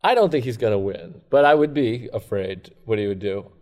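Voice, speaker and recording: A man's voice: lowish voice, expressive, a little fast, a little mellow. Comedian guy rambling on a podcast, candid, pokes fun at himself, casual chat. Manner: rambling, self-deprecating, candid. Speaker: comedian guest. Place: comedy club.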